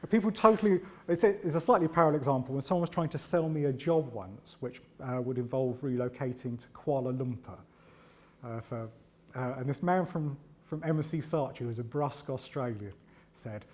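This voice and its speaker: A man giving a conference talk, chatty and animated, with self-deprecating humour and frequent asides of "right?". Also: medium pitch, fairly quick. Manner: animated and chatty, often tags lines with "right?". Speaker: conference speaker.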